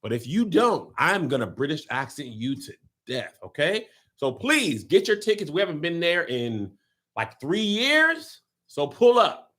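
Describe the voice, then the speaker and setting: A hammy, teasing mock British accent, as a man puts it on for a comedy show promo. The pitch swoops all over the place, and the delivery stays playful and over the top. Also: big pitch swings, measured pace, fairly bright tone, exaggerated voice. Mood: playful hype. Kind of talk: recorded promo.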